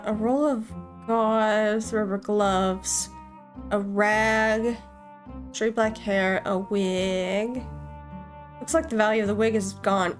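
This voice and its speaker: A woman hosting a gaming channel, casually commenting and thinking aloud while playing. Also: on the high side. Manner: chatty, thinks aloud, jokey.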